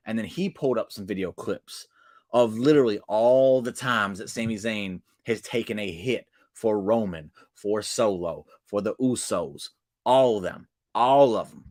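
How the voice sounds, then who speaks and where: A man recapping a wrestling show in casual solo talk, excitable, swinging between loud bursts and quiet asides. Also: fairly low pitch, normal speed. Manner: excitable, swings loud and soft, restarts often.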